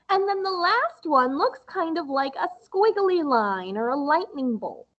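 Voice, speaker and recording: A woman music teacher giving a recorded lesson to young children, explaining slowly and patiently in a sing-song way. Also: high voice, very animated, lo-fi sound, slight background noise.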